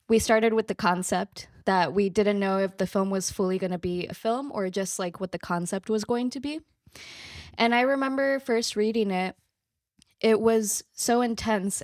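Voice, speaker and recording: A woman's voice: mid-range voice, no echo, studio quality. A woman actress speaking as a guest in a casual podcast conversation, earnest, effusive and grateful.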